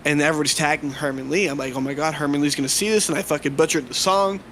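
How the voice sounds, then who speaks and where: Man, slightly high voice, animated casual storyteller, light hiss behind. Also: racing. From New Jersey. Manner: animated, swears freely, laughs often. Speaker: guest guitarist.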